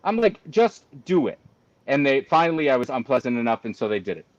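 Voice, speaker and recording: A man's voice: medium pitch, brisk, no echo. Exasperated man ranting over a dull call. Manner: animated, exasperated ranting with exaggeration. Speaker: guest cigar company representative. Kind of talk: casual chat, animated storytelling.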